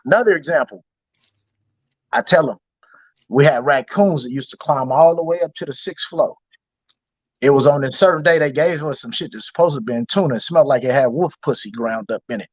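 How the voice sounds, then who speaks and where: A man hosting a casual chat and telling animated, slang-heavy stories, acting out the people he quotes. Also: mid-range voice, fairly quick, dry recording. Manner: animated storytelling, slangy and profane, acts out quoted voices. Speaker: host. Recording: dull, lo-fi stream audio.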